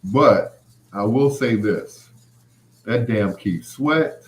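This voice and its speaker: Male host, middle-aged, lower register, loose rambling talk with acted-out quotes. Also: lively intonation, very slow. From Chicago area. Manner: rambling, many "you know" fillers, acts out quoted lines. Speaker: podcast host. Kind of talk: casual storytelling chat.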